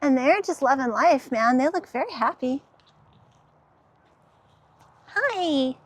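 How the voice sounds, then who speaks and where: A woman's voice: high voice, lively intonation, normal speed, breathy edge. A woman vlogging her walk through an outdoor garden center, gushing with enthusiasm and laughing easily, recorded on a handheld camera. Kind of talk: casual walk-through vlog.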